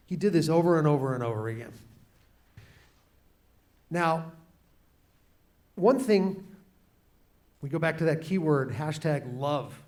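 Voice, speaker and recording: A man, an author, telling a story to students in an animated way, slowing down and quieting for drama. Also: a little high. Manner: animated, shifts pace and volume for drama. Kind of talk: storytelling talk to a class.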